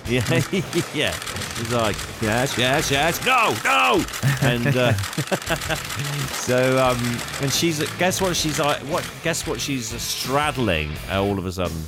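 A man's voice: mid-range voice, animated, slow, over loud music. Chatty man recapping a film. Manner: laughs often, acts out characters in exaggerated voices. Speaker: podcast co-host. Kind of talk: casual film recap chat.

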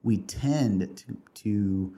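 A man's voice: lowish voice, very slow, dark tone. A man co-hosting a casual faith podcast, earnestly explaining church teaching in conversation. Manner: earnest, explaining, reads scripture aloud. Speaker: podcast co-host.

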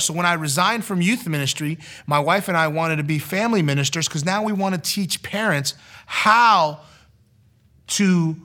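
A middle-aged former youth pastor telling his personal testimony in a lively storytelling way, acting out the voices of the people in the story. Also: high-pitched.

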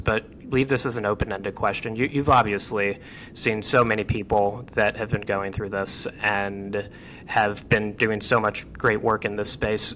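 Bright-voiced stammering male host. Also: fairly low pitch, a little hiss or hum, poor audio. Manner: stammering, heartfelt. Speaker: podcast host. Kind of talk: interview hosting.

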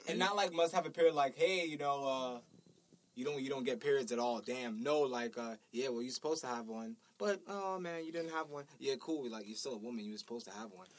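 A young man co-hosting a podcast, telling crude stories in a deadpan way. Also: mid-range voice, a little fast. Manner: deadpan, crude, acts out quotes loudly. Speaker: podcast co-host. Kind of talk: casual storytelling among friends.

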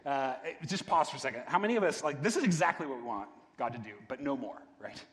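A man's voice: medium pitch, lively intonation, fast talker. A man preaching a sermon in a conversational way, often checking in with the congregation. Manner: conversational, repeats "right?", restarts words. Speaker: pastor. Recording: long reverb of a large hall.

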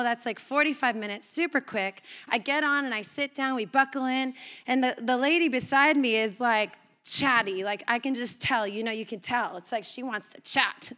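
A woman pastor from Canada preaching a sermon, telling a personal story in a chatty, animated way and acting out the dialogue. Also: sits high. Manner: conversational and animated, quoting dialogue with laughs.

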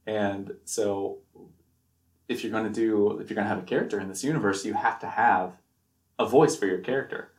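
A man's voice: lowish voice, a little fast, echoey room. A young man from Knoxville, USA, co-hosting a casual podcast chat. He is self-deprecating, jokes a lot and laughs often. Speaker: podcast co-host.

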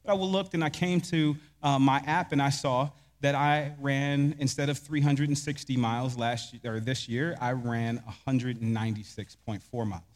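A man's voice: mid-range voice, fairly even intonation, moderate pace, hardly any pauses, in a large hall. A man preaching a sermon as pastor, asking rhetorical questions and answering them with emphasis.

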